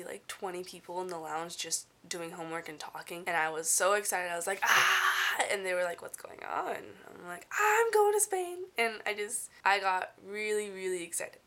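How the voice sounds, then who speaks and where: A young woman chatting casually to the camera from her dorm room, telling a story in a bubbly, animated way. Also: on the low side. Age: young adult. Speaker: vlogger.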